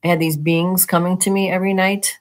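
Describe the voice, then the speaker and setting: A podcast co-host in casual conversation, talking haltingly with constant "like" and "you know what I mean". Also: medium pitch, flat delivery.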